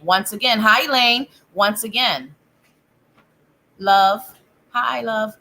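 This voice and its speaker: A woman's voice: fairly high pitch, slow pace, bright, forceful tone. A woman giving a live tarot reading in a chatty manner, thinking aloud and breaking off mid-sentence. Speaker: psychic tarot reader.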